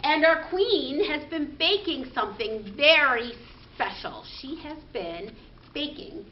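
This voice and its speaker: Woman, high animated voice, slow sing-song rhymes for babies, dull lo-fi recording. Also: a little hiss or hum. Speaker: children's librarian. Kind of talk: baby story time, rhymes and songs.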